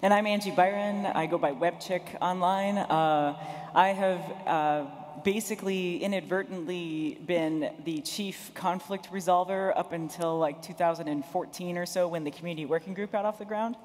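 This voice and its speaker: Woman, panelist, brisk, matter-of-fact, reverberant hall. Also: lowish voice, fairly even intonation, a little mellow. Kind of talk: conference panel talk. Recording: echoey conference hall.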